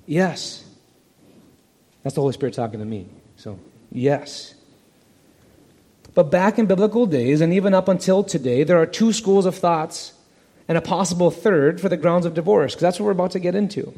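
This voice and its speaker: Animated preacher in a reverberant hall. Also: male voice, on the high side, fairly quick. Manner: animated, acts out the parable's voices. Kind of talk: expository sermon.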